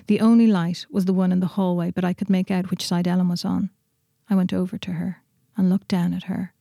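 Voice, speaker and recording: A woman reading a literary short story aloud in a steady, measured way in a studio. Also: fairly low pitch, vocal fry, no room sound.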